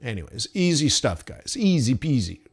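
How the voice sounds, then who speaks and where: This man live-streams his forex trades, slowly musing aloud over his charts and calling his viewers "guys." His mid-range voice swings widely in pitch and carries a breathy edge.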